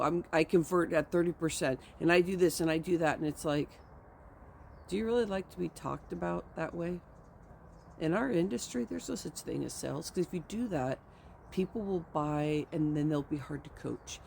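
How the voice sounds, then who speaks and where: Woman, coach, motivational vlog, gravelly fry, earnest, rambling, repeats phrases. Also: deep voice, darkish tone, a little hiss or hum. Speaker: health and communication coach. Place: her ranch home.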